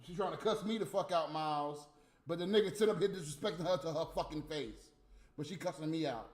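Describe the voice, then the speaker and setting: A man delivering a heated, profane, scolding rant on a livestream, with loud bursts. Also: high-pitched, lively intonation, fast talker. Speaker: livestream host. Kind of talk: unscripted ranting monologue. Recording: echoey room with faint music.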